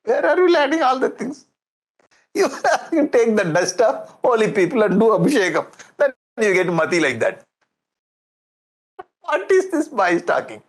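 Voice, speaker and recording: A man's voice: sits high, sing-song, normal speed, pitched above the performer's own voice. A man with an Indian English accent voicing an indignant demon-king father who scolds his son in disbelief. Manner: scolding, incredulous.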